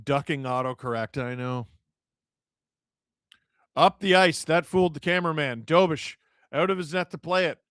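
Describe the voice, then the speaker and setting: A man, hosting a live hockey watch-along, calling the play and reading chat with jokes and shouts at big moments. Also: fairly high pitch, smooth, dry recording, studio quality. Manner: excitable, shouts at big plays, jokey.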